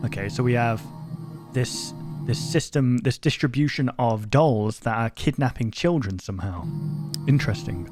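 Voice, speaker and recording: A man hosting a reaction video, reading a horror story aloud in an even tone and breaking off with sudden loud exclamations. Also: mid-range voice, normal speed, over music.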